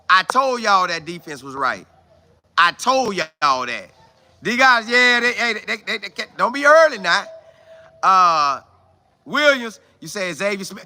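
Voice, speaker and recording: This male stream host has a high, very bright voice and speaks slowly. Reading viewer comments on a casual live stream, he's animated and emphatic, exclaiming, repeating phrases for emphasis, and addressing viewers directly as y'all.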